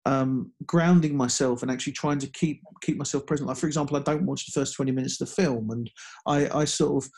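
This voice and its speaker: A man's voice: medium pitch, darkish tone. Male guest, casual storyteller, stops and restarts often. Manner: halting, many restarts and fillers. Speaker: guest speaker.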